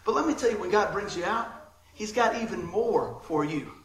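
A man preaching a sermon as pastor, lively and often laughing as he acts out little scenes. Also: sits high, moderate pace. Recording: roomy echoing hall sound.

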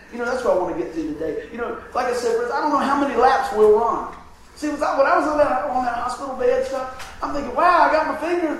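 A man preaching a sermon as pastor, telling a hospital story in an animated way and acting out the voices. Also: sits high, slight background noise. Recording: echoey room from a distance.

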